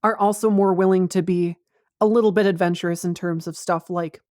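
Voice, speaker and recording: A woman's voice: lowish voice, fairly even intonation, brisk, darkish tone, no room sound, clean studio sound. A woman in casual podcast chat, explaining her music work in a wry way.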